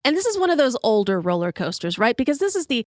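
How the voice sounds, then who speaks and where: A woman in her fifties tells a wild story for her podcast, animated and freely profane, jumping into the voices of the people she quotes. Her voice sits a bit high. The sound is dry and close, with no room around it. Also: quick pace, dry recording. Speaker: podcast host. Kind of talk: storytelling monologue.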